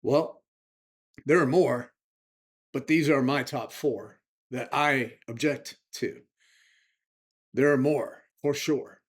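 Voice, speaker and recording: Male vlog host, middle pitch, indignant conversational commentary to his audience. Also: takes it slowly, long pauses, breathy edge. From United States. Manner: indignant, chatty, direct to viewers. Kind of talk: casual political commentary to camera.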